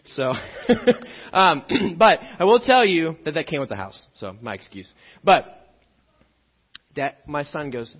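A man preaching a sermon as pastor, an animated storyteller who acts out scenes and jokes along the way. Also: a little high, takes it slowly, husky, in a large hall. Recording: dull lo-fi sermon recording.

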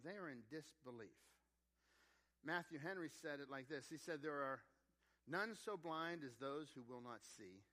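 A male pastor delivering a sermon with dynamic emphasis, swinging from loud to quiet and repeating words to drive points home. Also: a little high.

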